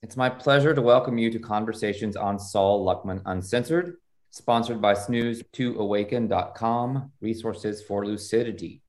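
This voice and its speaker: A man's voice: lowish voice, moderate pace, a little mellow. A man hosting an interview podcast, reading a scripted introduction with strong emphasis and then chatting with his guest. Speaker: podcast host.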